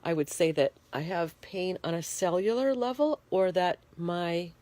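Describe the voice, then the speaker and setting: Her lowish, dark voice comes through with no echo as she records a casual video diary from bed. The congested, shivering vlogger holds her phone in her bedroom and explains in detail, plain and unhurried.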